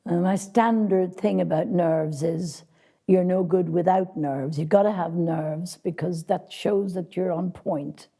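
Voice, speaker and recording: A woman's voice: fairly low pitch, unhurried, creaky, mellow, breathy edge. A woman casting director answering interview questions with direct, practical advice for actors, speaking frankly.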